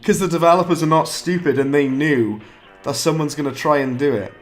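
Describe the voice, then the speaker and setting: A British man with a slightly high voice talks his way through a live game stream, chatty and quick to call himself an idiot. His frustration flares in short exclamations, and faint game music plays underneath. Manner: chatty, self-mocking, quick bursts of frustration. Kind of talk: live gameplay commentary.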